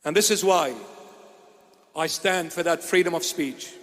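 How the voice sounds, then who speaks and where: A man's voice: sits high, normal speed, a bit bright, big-room sound. A man, a bishop, delivering a sermon in emphatic, solemn declarations that repeat key phrases.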